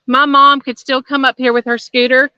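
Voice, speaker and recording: A woman's voice: high voice, flat delivery, normal speed, sharp tone, clean tone, dry recording, lo-fi sound. A woman chatting casually with viewers during an outdoor livestream, a little out of breath and friendly. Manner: friendly, addresses viewers as y'all. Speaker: channel host. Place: outdoors by a waterfall.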